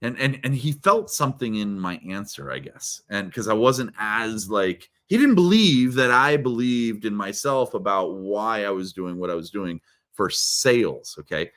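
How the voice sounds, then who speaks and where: A man telling stories as a guest in a live video interview, energetic and playful. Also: fairly low pitch, normal speed. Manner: energetic, playful, many restarts. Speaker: guest, keynote speaker. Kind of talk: animated storytelling in a live interview.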